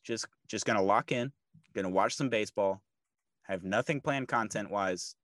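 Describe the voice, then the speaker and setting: Low-voiced excited sports podcast man. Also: normal speed, no room sound. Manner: emphatic, repetitive, fired up. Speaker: podcast co-host. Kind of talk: casual sports chat.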